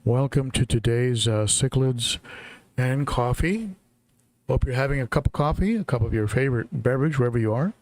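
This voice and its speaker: A chatty middle-aged man hosting a casual live stream, reading out viewers' names one after another. His voice sits at an ordinary male pitch, and the recording is dry and close, with no room sound around it. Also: moderate pace, a little mellow, no echo. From Southern California. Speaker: livestream host. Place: home, in Tennessee.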